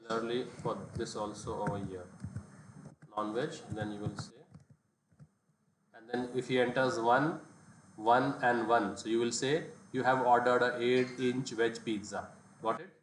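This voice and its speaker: A man's voice: mid-range voice, steady tone, moderate pace. A man teaching a live online programming lesson, explaining step by step and often checking that students follow. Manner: explains step by step, checks understanding with tag questions. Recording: echoey, distant mic, background noise.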